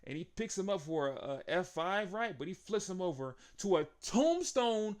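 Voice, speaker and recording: A young man giving an excitable, casual recap of a wrestling match, laughing often and acting out the wrestlers' lines. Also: sits high, moderate pace. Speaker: wrestling show reviewer.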